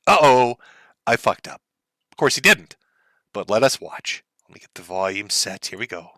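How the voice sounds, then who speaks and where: A man's voice: low-pitched, lively intonation, moderate pace, bright, forceful tone, no room sound. A middle-aged man giving sarcastic, mocking commentary on a live stream for his chat.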